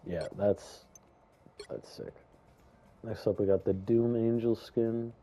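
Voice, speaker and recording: A young man giving casual, rambling commentary on a video game, chatty and excitable, with lots of fillers and some stuttering. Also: on the low side, takes it slowly, a little hiss or hum. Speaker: gaming YouTuber.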